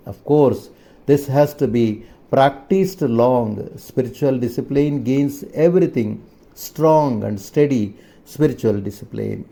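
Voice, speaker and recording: Guy reading scripture slow and earnest, really mellow dark voice. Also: medium pitch, vocal fry. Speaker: reader of a spiritual text.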